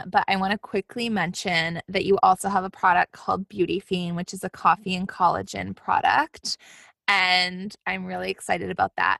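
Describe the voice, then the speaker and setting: A woman's voice: medium pitch, gravelly, pushed and bright, no room sound, studio quality. A woman hosting a podcast in casual chat, giggly and enthusiastic, saying "like" a lot. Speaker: podcast host.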